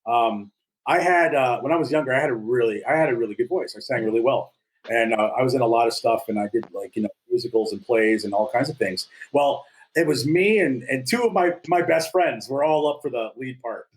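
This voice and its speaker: A man's voice: medium pitch, fairly quick, poor audio. A man around fifty from North Dakota, co-hosting a podcast in casual chat, telling stories in a jokey, self-deprecating way. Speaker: podcast co-host.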